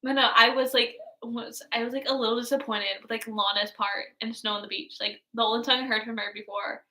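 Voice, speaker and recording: A woman's voice: on the high side, fairly even intonation, a little fast, pushed and bright. A woman in her twenties chatting casually while reacting to an album, rambling with lots of filler words. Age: 20s. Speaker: music reaction vlogger. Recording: echoey room.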